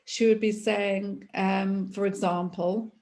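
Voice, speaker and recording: A woman leading a therapy training session, explaining in a slow, repetitive, patient way. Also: mid-range voice, level tone, darkish tone.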